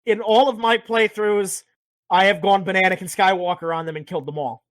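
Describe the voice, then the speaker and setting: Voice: mid-range voice, steady tone, brisk, dry recording. A speaker casually recapping a video game's story, rambling, joking and swearing a lot. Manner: profane, rambling, jokey. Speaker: podcast host.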